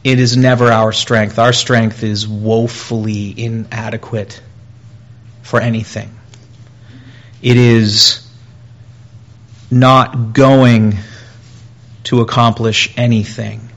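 A man delivers a sermon at an unhurried pace, his voice sitting at an ordinary middle pitch. He talks earnestly, with pauses and repeated phrases. When he voices a plea, his voice climbs higher and gets louder. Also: level tone, highs cut off. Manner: earnest, with pauses and repetition, rising and louder in quoted pleas. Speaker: preacher.

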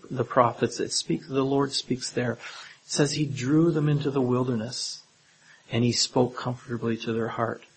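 A man's voice: medium pitch, husky, low-quality recording. A man preaching a sermon in a conversational way, often turning statements into questions for his listeners.

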